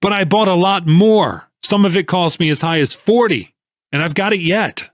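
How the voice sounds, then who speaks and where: A man voicing a furious shouting speculator. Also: high-pitched, moderate pace, dry recording, studio quality, voice pushed up, close to an everyday voice. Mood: angry shouting. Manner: shouting, accusing, sputtering. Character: furious male speculator, small but swelled with anger. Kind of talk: audiobook character voice.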